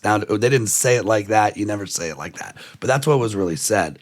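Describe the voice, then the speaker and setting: A man's voice: on the low side, a little fast, hardly any pauses. A man hosting a podcast, rambling animatedly in conversation and acting out what others said. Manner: animated, rambling, acts out quoted voices. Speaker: podcast host. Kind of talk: conversational interview.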